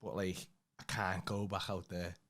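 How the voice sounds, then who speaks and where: A man's voice: low voice, little pitch movement, measured pace, fairly bright tone. A young man, co-hosting a casual podcast and telling rambling, sweary anecdotes. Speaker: podcast co-host. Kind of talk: casual chat, storytelling.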